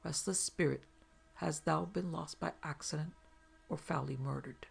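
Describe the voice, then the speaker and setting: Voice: medium pitch, steady tone, normal speed, gravelly, breathy edge. A solemn male conjurer, as a narrator puts him on. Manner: solemn, intoning. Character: solemn male Hungarian conjurer summoning a spirit.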